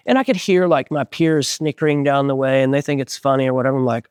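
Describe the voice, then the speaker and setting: A man in his forties, a band singer, telling stories in an animated way as an interview guest and acting out the voices of people he quotes. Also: mid-range voice, fast talker, few pauses, no echo, clean studio sound. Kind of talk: casual storytelling interview.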